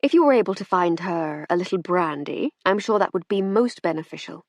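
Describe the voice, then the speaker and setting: A dutiful male police inspector, as a woman narrator puts him on, polite and firm with a patient manner. The husky voice moves lively through its range, recorded dry and close. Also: lowish voice, fairly quick, dry recording.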